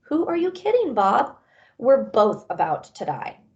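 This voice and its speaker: A woman's voice: on the high side, huge pitch swings, measured pace, darkish tone, highs cut off, heavily acted. Woman doing a sassy sister dog. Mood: sarcastic. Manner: sarcastic, defiant. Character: sassy young female dog, his sister.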